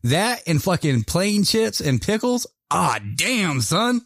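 A man's voice: sits high, very animated, takes it slowly, a bit bright, dry recording, studio quality. A man in casual chat, telling stories with lots of swearing and laughter. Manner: profane, laughing storyteller.

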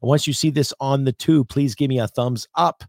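A man's voice: mid-range voice, normal speed, a little mellow, no echo. A man from Canada hosting a podcast, ranting angrily and emphatically with profanity and rhetorical questions. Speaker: podcast host. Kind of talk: political rant podcast.

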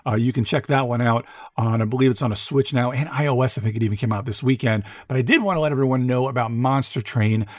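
A man's voice: medium pitch, fast, no room sound. Man, podcast host, casual news roundup, upbeat, dry close sound. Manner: enthusiastic, loose, many fillers. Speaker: podcast host covering board games.

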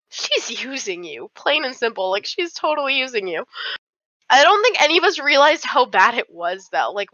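A woman's voice: a little high, no room sound, dull audio. A young woman co-hosting a casual chat, telling a story with lots of "like" fillers and swearing. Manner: fillers, swearing, animated retelling. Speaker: podcast co-host.

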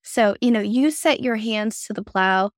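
A woman's voice: mid-range voice, unhurried, no room sound, studio quality. A woman hosting a faith podcast, enthusiastic and affirming as she chats with her guest. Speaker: podcast host. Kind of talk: casual faith podcast chat.

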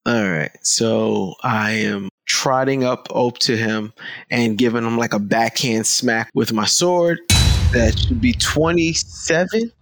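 A man's voice: mid-range voice, slow, a bit bright. A man playing a tabletop game, casually hesitating with fillers while he plans his moves. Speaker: player.

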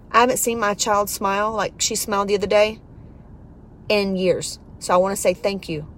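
A woman's voice: mid-range voice, slight background noise. Blunt, foul-mouthed woman life coach. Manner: blunt, profane, preachy and emphatic. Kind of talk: podcast monologue.

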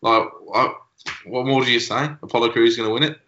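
Casting: rambling podcast co-host, bright, forceful voice, recorded in an echoey room. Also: male voice, medium pitch, level tone, quick pace, a little hiss or hum. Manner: rambling, laughing, restarts. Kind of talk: casual chat. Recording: echoey room, dull lo-fi sound.

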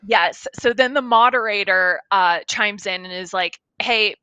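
Bright animated woman chatting. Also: mid-range voice, moderate pace, clean tone, no echo, rough recording. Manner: animated storyteller, laughs often. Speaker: co-host. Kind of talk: casual chat.

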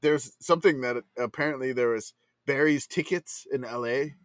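A man's voice: mid-range voice, normal speed, a bit bright, no echo. A man co-hosting a casual sports podcast, talking in a rambling way full of fillers and laughs. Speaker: podcast co-host. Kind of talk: casual chat.

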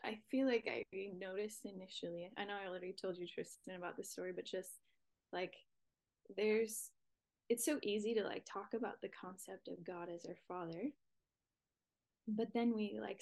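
Young woman, casual faith talk, earnest and halting, slight vocal fry. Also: medium pitch. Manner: earnest, halting, many fillers, drops to breathy near-whispers. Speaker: church podcast guest speaker.

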